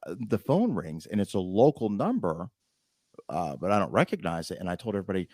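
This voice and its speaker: A man, a podcast host and film historian, telling an animated story in a casual interview and acting out the voices he quotes. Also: low-pitched, a little fast, no echo, clean studio sound.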